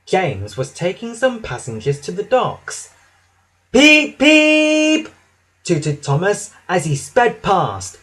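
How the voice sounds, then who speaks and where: A man narrating a children's storybook with an expressive, dramatic reading. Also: on the high side, a little slow, few pauses, breathy edge.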